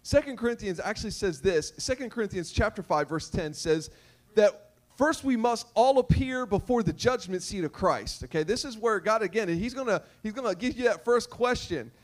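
A high-pitched man preaching a sermon. He is emphatic and repetitive. He jokes and keeps asking the crowd questions. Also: animated, normal speed. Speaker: pastor.

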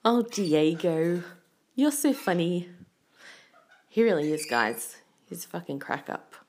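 A woman's voice: fairly low pitch, expressive, takes it slowly, a little mellow, a little hiss or hum. Chatty woman host, takes her time, rambles playfully between callers. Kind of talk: casual voice-message show.

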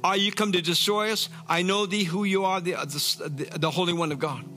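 A male pastor preaching a sermon, reading scripture aloud and breaking off to comment, fervent and exclaiming with shouts of praise. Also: high-pitched, fairly even intonation, moderate pace, faint music behind.

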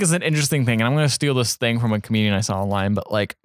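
A man's voice: on the low side, rapid-fire, few pauses, dry recording, studio quality. A young man co-hosting a podcast, rambling casually through a movie plot and acting out the characters' lines. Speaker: podcast co-host. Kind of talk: casual movie recap chat.

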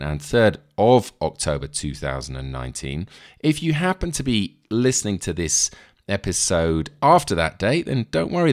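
A male podcast host with a notably deep, low voice. He introduces the show and then chats with his guest, often doubling back on his words. His delivery is friendly and conversational. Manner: friendly, repeats words while thinking. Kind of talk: podcast hosting.

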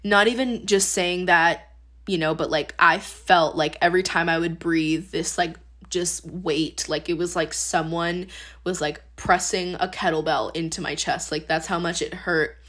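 A woman in her twenties who hosts a podcast shares her faith testimony casually and earnestly, saying "like" a lot. Her voice is fairly low and fairly bright, with fairly even intonation and a slightly slow pace.

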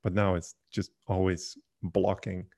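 Low gravelly man, halting casual talk. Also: little pitch movement, mellow, dry recording. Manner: hesitant, repeats words when starting. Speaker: podcast co-host. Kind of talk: casual chat.

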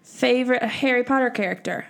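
Giggly woman with a gravelly edge. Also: on the high side. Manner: giggly, asks rapid-fire questions. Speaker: podcast host. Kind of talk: casual chat.

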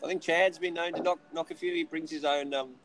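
A man's voice: fairly high pitch, fairly even intonation, fairly quick, fairly bright tone, slight background noise, rough recording. A man co-hosting a podcast, chatting casually in an offhand way with dry humour. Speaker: podcast co-host.

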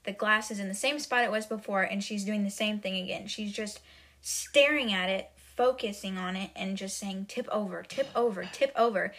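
A woman's voice: medium pitch, normal speed, a bit bright. A woman hosting a podcast, retelling book chapters in a chatty way full of "like" and "she's like". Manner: chatty, filler-heavy retelling with lots of "she's like". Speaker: podcast host. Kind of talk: casual book-chapter recap.

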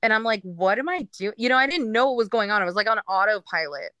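A woman's voice: a little high, animated, rapid-fire, bright, forceful tone, no echo. A woman candidly telling her personal story as a guest, in a frank, rambling way with frequent fillers.

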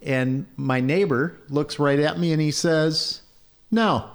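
A middle-aged man telling a personal story in casual conversation, growing animated when he quotes people. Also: unhurried, clean tone. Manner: animated when quoting, raises pitch for dialogue.

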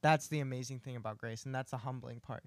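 A man's voice: medium pitch, steady tone, fast talker, no echo. Earnest man telling faith stories. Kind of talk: casual faith discussion.

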